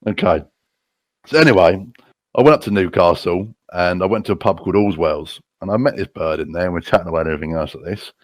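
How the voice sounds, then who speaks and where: Low-voiced crude British storyteller man. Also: quick pace, no echo. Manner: crude, profane, laughing at his own stories. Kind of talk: casual anecdote telling.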